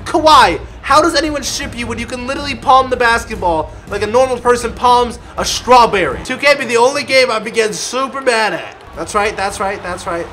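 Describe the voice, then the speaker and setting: A young man commentating his own basketball video game play, excitable and yelling at his players, then dropping to a mutter. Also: very high voice, brisk, few pauses, a little hiss or hum. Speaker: gaming video creator. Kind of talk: live gameplay commentary.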